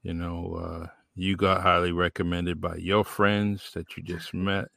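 A man's voice: sits low, little pitch movement, measured pace, vocal fry, pushed and bright, dry recording, clean studio sound. A man hosting a podcast, chatting casually with his guest in a rambling, laid-back way with lots of fillers. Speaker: podcast host. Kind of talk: casual interview chat.

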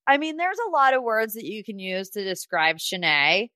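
A sassy, gossipy woman recaps reality TV in a chatty, casual way, often talking straight to the people she discusses. Her voice sits at an ordinary middle pitch. The recording is dry, with no room sound. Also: very animated, normal speed, hardly any pauses, pushed and bright, no room sound. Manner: chatty, with frequent "like" and laughs. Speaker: podcast host.

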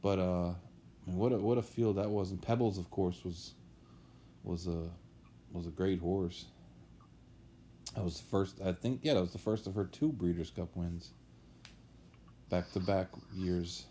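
Low, mellow-voiced man telling racing stories. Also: fairly even intonation, a little slow, long pauses, slight background noise. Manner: rambling, anecdotal storyteller. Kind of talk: casual podcast chat.

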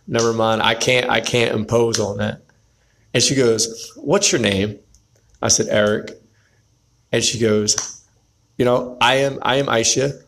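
A man's voice: medium pitch, creaky, fairly bright tone. A man telling a story to the camera as a motivational pep talk, often checking in with "right?" and speaking straight to other men. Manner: pep-talk, addresses viewers directly, repeats "right?". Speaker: vlogger.

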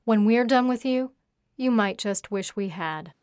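A woman reading the part of a scornful, domineering young woman in a storybook, sharp and mocking, in a dry recording. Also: mid-range voice, lively intonation, a little slow, clear, resonant tone, no room sound, lightly acted.

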